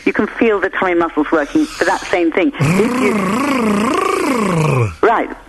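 A woman's voice: on the low side, lively intonation, measured pace, heavy background noise. A woman, a voice coach, patiently explaining breathing exercises over the phone on a radio show. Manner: instructive, patient, laughs easily.

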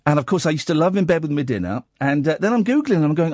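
A man's voice: fairly high pitch, very animated, rapid-fire, darkish tone, no room sound, clean studio sound. A man hosting a late-night radio phone-in, wry and teasing. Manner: wry, teasing, self-mocking. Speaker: radio host. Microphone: studio mic.

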